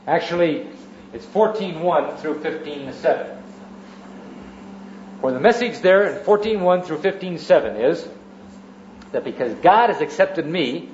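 A man's voice: a little high, lively intonation, moderate pace, slight background noise. A man preaching an evening sermon in a church, teaching in orderly sections and repeating key phrases for emphasis. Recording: roomy, muffled church recording.

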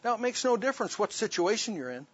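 A man's voice: high-pitched, very animated, fast, husky, no echo. A man preaching, telling a personal story in an emphatic sermon testimony, on a dull lo-fi recording.

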